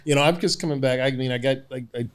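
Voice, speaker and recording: A laid-back man, a guest in a podcast studio, easing through anecdotes with a chuckle. His voice sits at an ordinary middle pitch. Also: racing, smooth. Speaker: podcast guest, retired detective. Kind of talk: casual interview storytelling.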